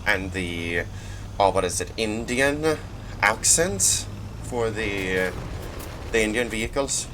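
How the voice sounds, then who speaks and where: A Swedish man, just woken up and a bit groggy, commenting casually on his gameplay with a laid-back, rambling manner and sudden loud outbursts. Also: fairly low pitch, animated, slow, noisy background. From Sweden. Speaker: gaming channel host.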